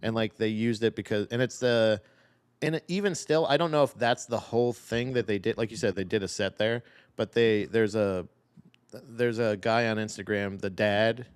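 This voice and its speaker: A man's voice: fairly low pitch, normal speed, smooth. A young man co-hosting a podcast, telling stories animatedly, acting out quotes, and swearing casually. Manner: animated storyteller, acts out quotes, profane. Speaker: podcast co-host. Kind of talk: casual chat.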